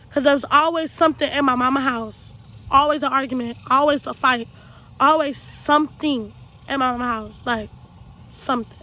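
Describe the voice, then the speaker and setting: A woman's voice: sits high, pushed and bright, rough recording. A young woman from Texas telling her life story to camera, earnest and raw, often repeating herself in loose casual speech. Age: young adult. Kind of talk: personal storytime monologue.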